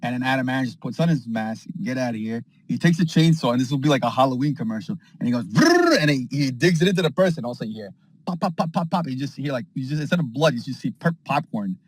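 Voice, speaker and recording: A man at a middle pitch spins a rambling, excitable story, stacking fillers and slang as he goes. He talks into a phone from his parked car. The sound is dry and close. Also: quick pace, slightly rough, dry recording, poor audio. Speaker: space participant. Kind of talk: casual chat.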